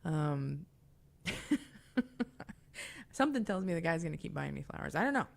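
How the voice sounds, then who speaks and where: Woman radio host, low voice, gravelly edge, chatty and confiding, casual call-in talk. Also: fast. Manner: chatty, confiding, with fillers and asides.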